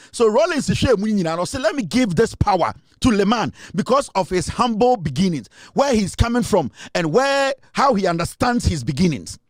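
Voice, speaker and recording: A man's voice: high voice, no echo, clean studio sound. A man with a Ghanaian accent delivering a heated, scornful political rant, repeating himself and mixing in Twi. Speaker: political commentator.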